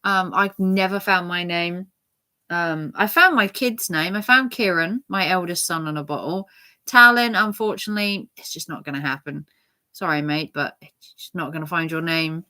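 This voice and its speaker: A woman's voice: fairly low pitch, normal speed, bright, forceful tone. A middle-aged woman chatting casually to her viewers, rambling with lots of fillers and restarts. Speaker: channel host.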